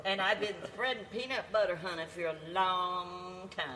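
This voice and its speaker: An older woman visiting her son's radio show, joking slowly with bawdy humor. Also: fairly low pitch, in a large hall, crowd noise. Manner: slow, teasing, bawdy humor. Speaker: host's mother, guest.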